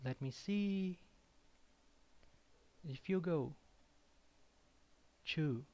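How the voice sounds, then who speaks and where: Slow man teaching pronunciation. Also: on the high side, dark tone, lo-fi sound. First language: Portuguese. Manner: slow, repeats each word several times. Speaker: language teacher. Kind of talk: pronunciation lesson.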